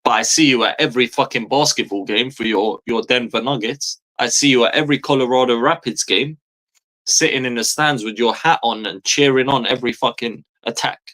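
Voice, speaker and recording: A man's voice: mid-range voice, fairly quick, sharp tone. Man, thirties, football fan streamer, angry rant, exasperated, swears a lot, repeats himself for emphasis. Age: 30s.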